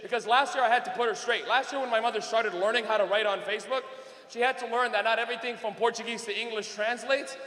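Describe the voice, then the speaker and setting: A young man with a very high-pitched, sharp voice talks at a quick pace. He performs a brash, profane stand-up set on a club stage, laughing as he tells stories, and the echoey room carries long reverb.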